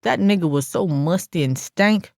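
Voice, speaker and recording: A brash, sassy narrator reads a first-person audiobook with plenty of swearing. The voice sits in a middle pitch. The recording is dry and close. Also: normal speed, creaky, a little mellow, no echo.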